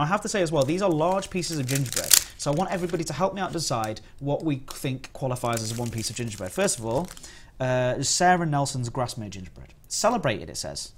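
Man, live-stream chat, jokey, rambling, middling pitch, faint wrapper crinkling. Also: slight background noise. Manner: chatty, jokey, rambling with restarts. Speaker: streamer reviewing biscuits.

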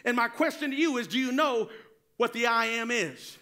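A man's voice: very high voice, normal speed, bright, forceful tone. A man preaching a sermon as pastor, fervent, drawing call-and-response from the congregation.

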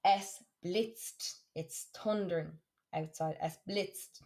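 A woman's voice: fairly low pitch, steady tone, darkish tone. Woman teaching German vocabulary. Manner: slow, careful modelling of German words, repeating for practice. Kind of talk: classroom lesson for students.

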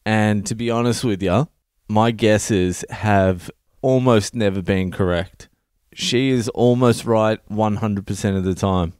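A man's voice: on the low side, a little mellow, clear, resonant tone, no room sound, studio quality. A man in his thirties telling blunt, profane comic stories as a podcast host. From Australia. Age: 30s. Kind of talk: comedic monologue.

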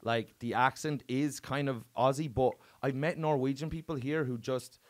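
An Irish comedian chats casually as a guest, telling stories and swearing freely with bursts of emphasis. His mid-range voice keeps a fairly even intonation at a normal speed.

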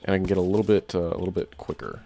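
A young man giving excited let's-play commentary, often jumping into loud, high-pitched outbursts. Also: very fast, gravelly, faint music behind. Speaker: gaming YouTuber.

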